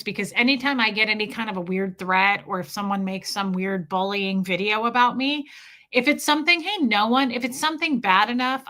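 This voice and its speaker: A chatty woman hosts a casual livestream, drifting from a story to thanking her viewers and back again. Her voice is bright and forward, with medium pitch for a woman and a lively, conversational delivery. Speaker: livestream host.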